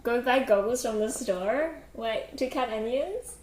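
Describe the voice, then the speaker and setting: A fairly high-pitched, expressive woman takes her time on a relaxed cooking livestream from her home kitchen, giggling, using lots of fillers and reading out chat while she preps. There's a slight hiss or hum, and the echoey room is full of loud clatter, chopping and dishes.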